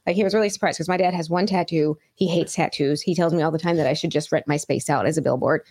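A woman's voice: deep voice, fairly even intonation, fast talker, darkish tone, a little hiss or hum. A middle-aged woman from New York, a co-host in casual chat, blunt and heated, swearing freely as she rants.

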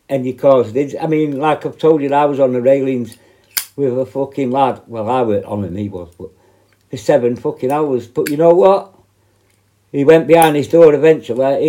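A middle-aged former prison officer with a mellow, medium-pitched voice rants angrily straight to camera. He's blunt and confrontational, swearing constantly.

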